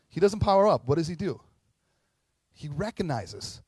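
A man's voice: fairly high pitch, normal speed, long pauses, husky, no echo. Conversational man preaching a sermon, dry sound. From Minnesota. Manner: conversational, animated, acts out quotes with asides. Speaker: pastor.

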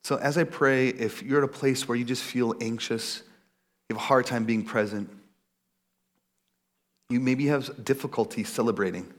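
A man in his thirties preaching a casual, animated sermon, acting out little quotes. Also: moderate pace, pauses often. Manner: animated, acts out quotes in a high voice. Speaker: pastor.

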